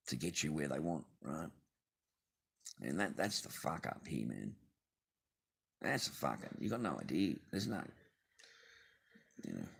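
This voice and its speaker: With a bass voice that's husky, fairly bright, and edged with vocal fry, an Australian man tells a rambling story full of swearing from his garage at home. He laughs in bursts as he rants casually to the camera.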